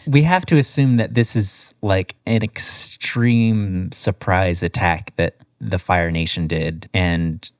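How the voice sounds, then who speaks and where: A man co-hosting a casual podcast recap, wry and deadpan with mock voices. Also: low-pitched, slow, few pauses, no room sound, clean studio sound. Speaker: podcast co-host.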